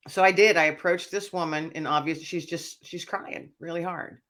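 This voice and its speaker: A woman author being interviewed, telling a personal story in an animated, emotional way. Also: lowish voice, moderate pace. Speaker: author and speaker, guest.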